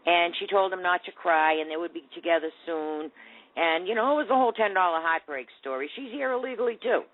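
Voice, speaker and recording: A woman's voice: lowish voice, brisk. A woman hosting a talk radio show, giving indignant, sarcastic commentary. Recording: tinny phone-like audio.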